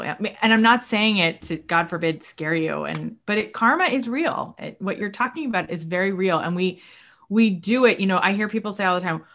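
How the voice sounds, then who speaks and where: A woman talking as a guest on a podcast, animated and emotional, acting out quoted voices as she speaks. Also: mid-range voice, normal speed. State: moved to tears at times. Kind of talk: casual podcast conversation.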